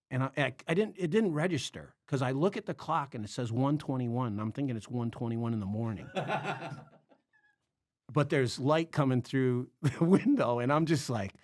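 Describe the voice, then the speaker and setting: A man from the Chicago area, a podcast guest, telling a story in casual chat. He is animated, acts out the voices of the people he quotes and swears freely. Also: mid-range voice, moderate pace, no echo, studio quality. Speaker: podcast guest, comedy club bartender.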